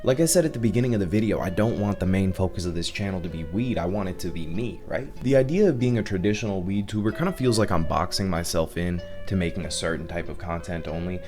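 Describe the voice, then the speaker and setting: A man's voice: deep voice, fast talker, few pauses, darkish tone, faint music behind. A young man hosting a reaction video, joking loosely and casually with profanity. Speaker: host.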